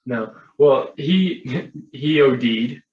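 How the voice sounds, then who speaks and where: A man's voice: mid-range voice, drawn-out words, darkish tone, dull audio. Podcast host man in a roomy echo. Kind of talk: casual chat.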